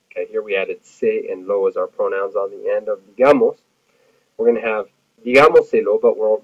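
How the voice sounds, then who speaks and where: A man teaching Spanish grammar in a recorded lecture, explaining patiently with many fillers. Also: lowish voice. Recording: tinny phone-like audio.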